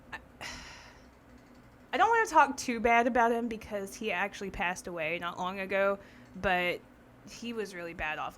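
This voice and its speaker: A woman, co-hosting a podcast and telling a story in casual chat, animated and laughing. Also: medium pitch, slight background noise. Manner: animated, laughing, swearing freely. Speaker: podcast co-host.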